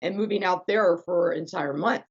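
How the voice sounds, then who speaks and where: A woman's voice: on the low side, normal speed, husky, muffled recording. A woman, a guest rock musician, chatting casually and filling her talk with "you know" and restarts. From United States. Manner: chatty, many fillers and self-corrections. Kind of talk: casual conversation.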